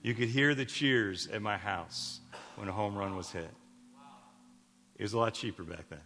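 A man's voice: on the low side, moderate pace, sharp tone. A man in his fifties from Chicago, a pastor telling stories in a sermon, rambling with many restarts and light jokes to the congregation. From Chicago, USA. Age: 50s. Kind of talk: sermon storytelling. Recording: echoey hall reverb.

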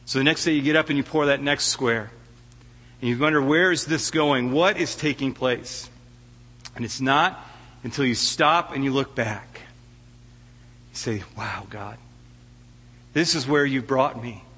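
A man's voice: medium pitch, moderate pace, sharp tone, big-room sound. A middle-aged man preaching a heartfelt sermon as a guest preacher, often stammering and restarting his words. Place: church sanctuary.

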